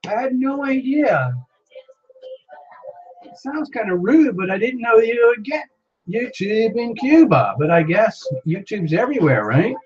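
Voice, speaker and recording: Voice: medium pitch, measured pace, husky, dull audio, faint music behind. A live-stream host in casual chat, greeting viewers by name with frequent exclamations and scrambling to keep up with the chat. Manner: excitable, many exclamations, reads viewer names aloud while scrambling to keep up. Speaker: livestream host.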